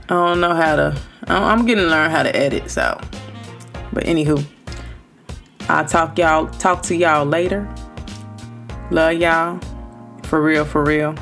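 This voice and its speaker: Low-voiced woman podcasting loud and direct, aave, faint music under her. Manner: loud, emphatic and direct, speaking straight to listeners. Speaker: podcast host. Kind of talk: motivational podcast talk.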